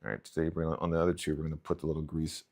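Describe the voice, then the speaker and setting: A man's voice: very deep voice, little pitch movement, rapid-fire, darkish tone. A man live-streaming as he works on a radio-control model, chatting casually and muttering jokey asides to his viewers as he tinkers.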